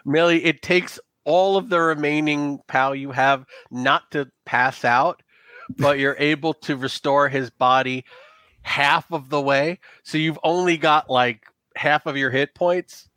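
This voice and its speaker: A man running a tabletop game as game master, narrating in a loose, halting way with many restarts. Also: fairly high pitch, steady tone, sharp tone, dry recording.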